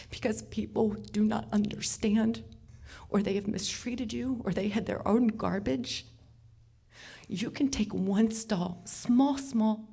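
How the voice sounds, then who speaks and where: A woman telling a personal story live to an audience, animated, moving between hushed asides and loud outbursts. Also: lowish voice, creaky, breathy edge. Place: stage before an audience.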